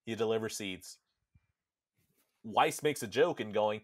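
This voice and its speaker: Animated young man, swearing podcast host. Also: lowish voice, a little slow. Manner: animated, swears freely, acts out characters. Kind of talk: casual chat recapping a game.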